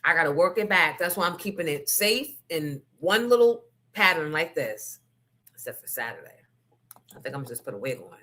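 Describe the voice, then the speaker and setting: Brief: woman host, casual chat, bright and forceful tone, candid and salty. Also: low voice, expressive, normal speed. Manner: candid, profane storytelling with asides to the audience.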